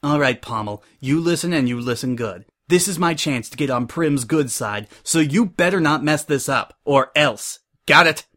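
A man's voice: a little high, animated, normal speed, few pauses, sharp tone. A man voicing a scheming, two-faced female pony designer who talks sweetly to her boss and bosses her intern around. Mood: bossy threatening. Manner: sugary in front, snapping and bossy in private.

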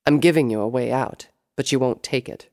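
A reader voicing a cold, disciplined armored female soldier creature who taunts in curt, measured words. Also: mid-range voice, darkish tone, lightly acted. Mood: cold taunting.

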